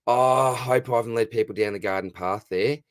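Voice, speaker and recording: A man's voice: on the low side, fast talker, no echo. A man in his thirties with an Australian accent, hosting a casual live Q&A, chatty and matey, answering viewer comments. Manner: chatty, matey, calls everyone mate. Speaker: fantasy football livestream host.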